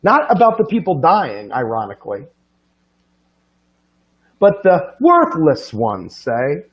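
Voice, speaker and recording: A fired-up man preaches his point in a fervent, profane monologue, firing off rhetorical questions. His voice sits fairly high and leaps upward when he presses hardest. The recording is muffled and lo-fi. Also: huge pitch swings, takes it slowly, pauses often. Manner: swings from low and quiet to high and loud. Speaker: political commentator. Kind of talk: impassioned monologue.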